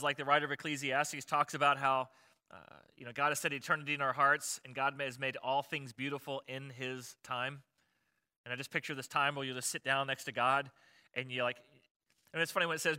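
Bright-voiced pastor preaching conversationally. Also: male voice, fairly high pitch, clear, resonant tone. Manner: chatty, asks the audience rhetorical questions. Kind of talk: conversational sermon.

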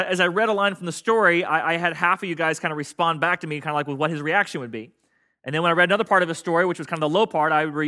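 A man's voice: fairly high pitch, pushed and bright. A man preaching a sermon in a casual, joking way, getting his congregation to call out responses. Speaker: pastor. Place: church sanctuary with congregation.

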